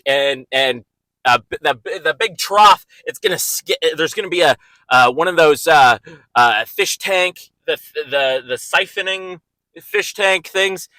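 Rambling, excitable man with a bright voice. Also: dry recording, low-quality recording. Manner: rambling, excitable pitch with frequent ums and restarts. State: out of breath. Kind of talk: comedic rant.

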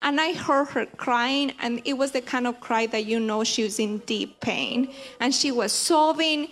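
A woman sharing a heartfelt personal faith testimony in a church group, earnest and halting, with frequent restarts. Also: fairly high pitch.

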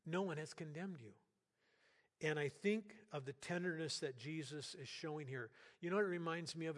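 An older man preaching a sermon as pastor in a church, talking to the congregation in an earnest, conversational way with bursts of loud emphasis. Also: medium pitch. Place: church sanctuary. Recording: long hall reverb.

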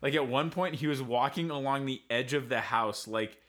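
Young man telling lively, salty anecdotes. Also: medium pitch, normal speed. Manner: lively anecdote teller, swears freely. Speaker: podcast participant. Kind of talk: casual chat. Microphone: home mic on a remote podcast setup.

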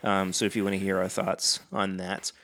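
This man sits low in pitch and speaks at normal speed in a monotone, with a slightly bright tone. He's co-hosting a podcast, chatting casually and loosely with plenty of fillers and false starts.

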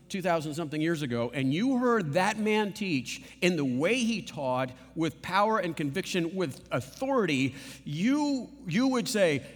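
A man preaching a sermon with a slightly high voice, animated and conversational, throwing rhetorical questions at his listeners. His voice carries a long reverb from a large sanctuary. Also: slightly rough. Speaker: pastor.

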